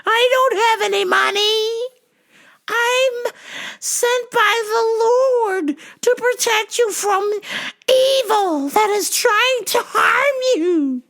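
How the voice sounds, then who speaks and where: A woman voicing an eccentric, preachy older woman caller who speaks in slow, sing-song blessings in a shrill, quavering voice. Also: gravelly, a bit bright, heavily acted. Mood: preachy, pleading.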